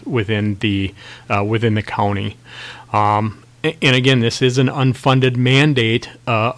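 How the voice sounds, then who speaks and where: Halting middle-aged male sheriff. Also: fairly low pitch, a bit bright. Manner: halting, many restarts and fillers. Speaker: county sheriff. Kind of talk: radio interview answers.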